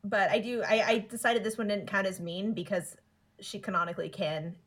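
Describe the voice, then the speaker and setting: A woman's voice: mid-range voice, fairly even intonation, a little fast. A woman co-hosting a podcast, recapping a cartoon episode in a casual, amused way and often laughing. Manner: chatty and amused, often laughing, acts out quotes. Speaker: podcast co-host.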